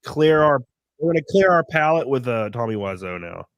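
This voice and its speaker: A man's voice: mid-range voice, sing-song, a little fast, dry recording. Sick man hosting a casual stream chat. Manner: rambling, laughing often, reads chat donations aloud. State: sick with a cold. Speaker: stream host.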